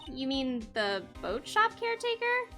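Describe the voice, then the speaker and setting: A woman's voice: high voice, big pitch swings, a little slow, a bit bright, faint music behind, full character voice. A woman reading an earnest young lawyer. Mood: puzzled.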